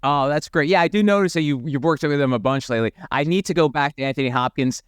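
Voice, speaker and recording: Fast-talking, clear-voiced male host. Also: a little high, no echo, clean studio sound. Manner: eager, quick questions. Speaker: podcast host interviewer. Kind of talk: casual interview.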